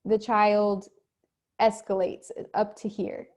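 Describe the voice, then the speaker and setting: A woman teaching an online class from home, talking casually and acting out quick examples. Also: mid-range voice, little pitch movement, a little mellow. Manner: conversational, acts out quick examples. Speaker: instructor. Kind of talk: recorded online lecture. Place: home, cat nearby.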